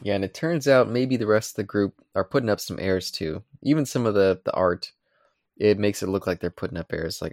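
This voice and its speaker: Co-host, male, deep voice with a gravelly edge, dry close sound, retells scenes with little voiced lines. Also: brisk, darkish tone, dry recording. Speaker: podcast co-host. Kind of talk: casual chat.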